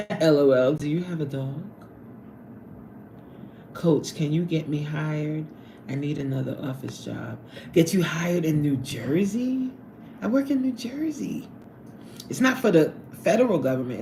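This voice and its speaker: A woman hosting a casual livestream from her workplace on a lunch break, reading out chat and laughing often in an animated way. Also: measured pace, long pauses, roomy sound, background noise. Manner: animated, laughs often, swoops up high when excited.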